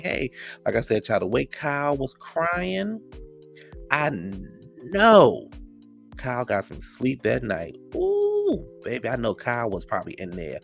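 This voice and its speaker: A man with a mid-range voice and vocal fry gives a casual, sassy, gossipy recap of a reality show episode, calling his listeners "child" and "honey."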